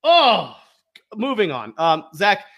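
A fired-up man hosting his own podcast, ranting heatedly and then calmly giving plugs. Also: sits high, fairly quick. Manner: fired up, shouting accusations, then calm plugs. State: sweating, worked up. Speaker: podcast host. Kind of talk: heated political rant.

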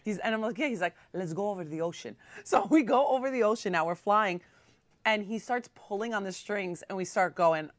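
A woman co-hosting a casual chat podcast, telling a story with animated acted-out quotes and casual swearing. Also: mid-range voice, fairly quick, no echo. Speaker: podcast co-host.

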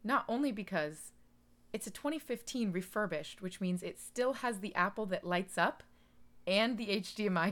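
A young woman chatting casually with her sister on a podcast, animated and self-deprecating, laughing a lot. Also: mid-range voice. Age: young adult. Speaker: podcast guest, host's sister. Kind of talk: casual chat.

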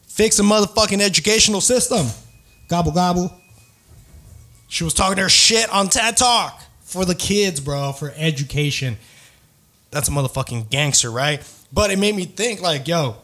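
A young man hosts a casual podcast, rambling through stories full of swearing and street slang. His voice sits fairly high for a man, and he laughs often as he goes. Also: fairly bright tone. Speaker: podcast host. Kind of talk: casual storytelling chat.

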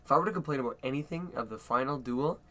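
A young man co-hosting a casual podcast, excitable and gushing as he chats. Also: mid-range voice, rapid-fire, slight background noise. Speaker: podcast co-host. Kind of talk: casual chat.

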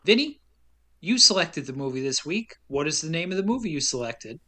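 A man hosting a casual podcast, lively and laughing often. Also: on the high side, fairly quick. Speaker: podcast host. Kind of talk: casual chat.

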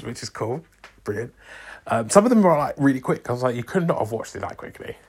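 A young man chatting casually to camera in a vlog, rambling with lots of ums, restarts and self-corrections. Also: mid-range voice. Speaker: vlogger.

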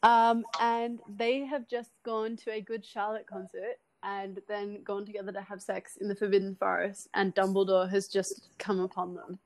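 A woman co-hosting a comedy podcast, reading a story aloud with wry, deadpan asides and giggles, close to the mic. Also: medium pitch, moderate pace, hardly any pauses.

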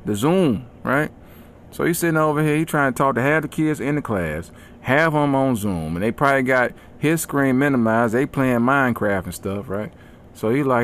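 A man's voice: mid-range voice, a little fast, a little hiss or hum. Slangy ranting man, comic podcast host. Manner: animated, slangy, mock-aggressive. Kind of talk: comedic storytelling rant.

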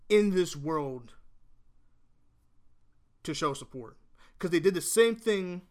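A man's voice: fairly high pitch, a bit bright. A man venting his opinion to camera in a blunt, emphatic rant, swearing freely and repeating himself as he argues. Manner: repeats and restarts phrases while arguing. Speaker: vlogger.

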